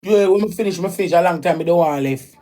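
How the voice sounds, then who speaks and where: A woman's voice: fairly low pitch, racing, warm tone. A Jamaican woman telling an emotional personal story in a raw, emphatic way, often repeating her lines. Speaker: livestreamer.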